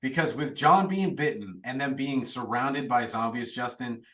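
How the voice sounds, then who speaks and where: A man's voice: medium pitch, moderate pace, fairly bright tone, far from the mic, poor audio. A man hosting a podcast, chatty and laughing now and then as he recaps a plot. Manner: chatty, laughs while telling the story. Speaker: podcast host recapping a film.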